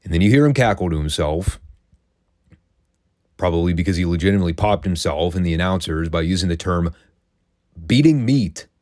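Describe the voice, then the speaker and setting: Deep-voiced man recapping old wrestling. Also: lively intonation, a little fast, pauses often, a little mellow, dry recording, studio quality. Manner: chatty, wry, opinionated storytelling. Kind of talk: casual solo recap commentary.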